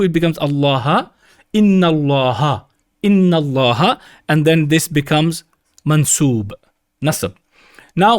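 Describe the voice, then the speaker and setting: A man teaching Arabic grammar in a recorded lecture, patiently repeating the key points for emphasis. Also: on the high side.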